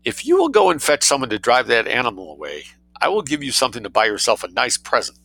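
A man's voice: medium pitch, huge pitch swings, fast talker, vocal fry, pushed and bright, no echo, full character voice, low-quality recording. A man reading aloud, voicing a flustered, exasperated older lady trapped in a garden. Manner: reluctant, exasperated.

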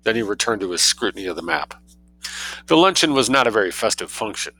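Lively man reading a story aloud. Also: lowish voice, quick pace, vocal fry, rough recording. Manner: lively, expressive reading with casual asides. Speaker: reader.

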